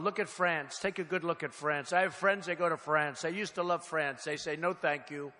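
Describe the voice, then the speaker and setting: A man's voice: fairly high pitch, pushed and bright. An older man giving a campaign rally speech, emphatic and repetitive, speaking in short punchy phrases from a podium microphone in a large hall. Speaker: political candidate speaking at a rally. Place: large hall, crowd present. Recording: long hall reverb with faint noise.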